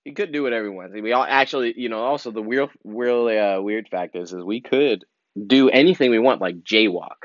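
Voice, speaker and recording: A male comedian rambles through a monologue, full of fillers and sudden animated asides. His voice sits on the low side. The sound is dry and slightly dull, like a lo-fi recording. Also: brisk, no room sound.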